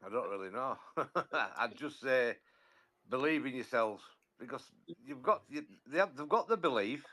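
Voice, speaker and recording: A man chatting about football on a podcast, often halting and repeating words as he talks. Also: mid-range voice, animated, pushed and bright. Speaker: podcast regular, football fan. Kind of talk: casual football chat.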